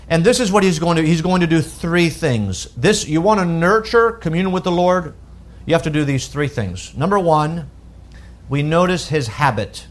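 High-voiced man preaching emphatically. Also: animated, normal speed. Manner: emphatic, rises in pitch and force when stressing a point; reads scripture in old-fashioned wording. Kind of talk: sermon.

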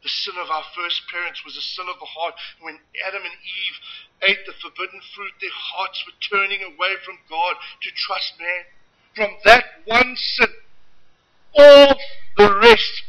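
Male preacher, high and very bright voice, impassioned pulpit delivery, dull lo-fi recording. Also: fairly even intonation, moderate pace. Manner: impassioned, emphatic preaching with dramatic swings in loudness. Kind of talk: sermon.

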